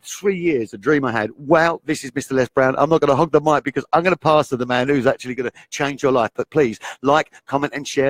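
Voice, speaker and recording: A man hosting a live online broadcast, gushing and excitable as he introduces his guest and keeps calling out to his audience. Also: medium pitch, dry recording. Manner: excitable, gushing, keeps repeating "ladies and gentlemen". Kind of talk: hyped live-stream introduction.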